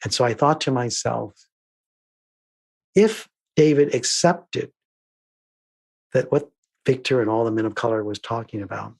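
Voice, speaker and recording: Medium-pitched and gravelly, a diversity trainer and filmmaker speaks a little slowly with frequent pauses as an interview guest. He tells stories thoughtfully, acts out exchanges from his workshops, and shifts between soft and emphatic tones in this reflective conversation.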